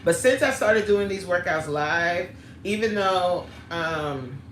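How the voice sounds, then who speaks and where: A woman's voice: lowish voice, animated, takes it slowly, slight background noise. A middle-aged woman coaching on a live stream, chatting casually, greeting viewers by name and laughing easily. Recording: roomy echo.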